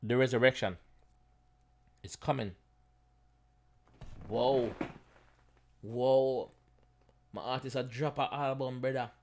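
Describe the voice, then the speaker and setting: A man with a Jamaican accent hosting a reaction video, chatting casually in patois-flavored English, animated and often repeating himself. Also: medium pitch, slow, pauses often. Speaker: reaction channel host.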